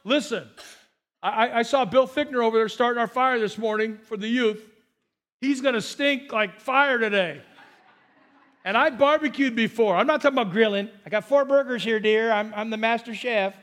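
Speaking at normal speed with a fairly bright tone, this pastor has an unusually high voice for a man. His sermon is talky and relaxed, sprinkled with jokes and stumbles on repeated words.

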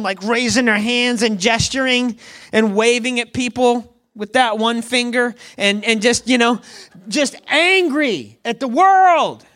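A pastor preaches a sermon as conversational storytelling, often checking in with listeners through frequent "right?" asides. His voice is high and a bit bright.

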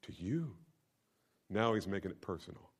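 Preacher guy, middle-aged, gets loud then drops to a hush, repeats himself for punch. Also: low voice, lively intonation, normal speed, slightly rough. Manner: emphatic, repeats key lines, swings between loud and hushed. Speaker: pastor. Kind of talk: sermon.

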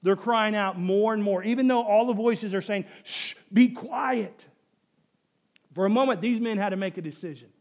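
A man's voice: high voice, a little fast, hardly any pauses. A man preaching a sermon as pastor, emphatic and repetitive, asking the congregation rhetorical questions.

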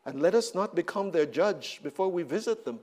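A man's voice: high voice, lively intonation, a little fast, a little mellow. A man preaching a sermon, repeating words and rising in emphatic bursts.

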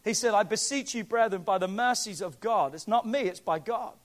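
A man preaching a sermon as pastor, emphatic and pleading, swinging from quiet asides to near shouts. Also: sits high, normal speed.

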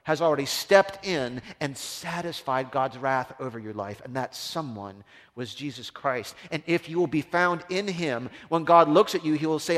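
A man preaching a sermon as a pastor, impassioned, swinging from loud emphasis down to hushed, low tones. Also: normal speed. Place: church. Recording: long reverb of a large hall.

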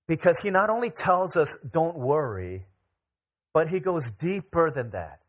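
A man's voice: fairly high pitch, very animated, moderate pace. A man in his forties, a pastor, telling a story during a sermon with light humor and frequent fillers. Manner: storytelling, self-deprecating humor, many filler words.

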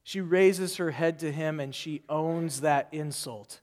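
A male pastor preaching a sermon in an animated way, acting out the voices of people in the story. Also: on the high side, slow pace, hardly any pauses, big-room sound.

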